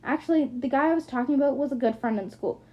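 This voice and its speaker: A woman's voice: high-pitched, fast, lightly acted. Woman reading a good-natured young boyfriend, sheepish and easygoing, on lo-fi audiobook sound. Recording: muffled lo-fi recording.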